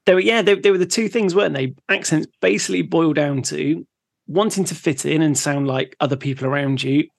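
A man from England co-hosting a podcast, chatting in a relaxed way and laughing easily while recapping facts. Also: a little high, brisk, creaky, no room sound, clean studio sound. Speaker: podcast co-host. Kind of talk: casual chat.

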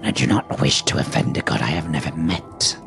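A man voicing a solemn, devout male dragonborn warrior who speaks in slow, formal phrases. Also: very deep voice, expressive, gravelly, pitched below the performer's own voice, heavily acted. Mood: earnest. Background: music.

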